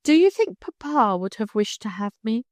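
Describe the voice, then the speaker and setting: A woman voicing a timid, wistful orphaned young girl who speaks softly and hesitantly. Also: a little high, big pitch swings, moderate pace, no echo. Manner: soft, hesitant, tearful.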